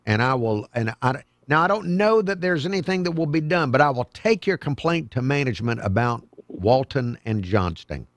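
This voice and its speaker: A man's voice: medium pitch, animated, moderate pace, few pauses, dry recording. A man hosting a call-in radio talk show in a studio, chatty and folksy as he takes calls. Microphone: studio microphone.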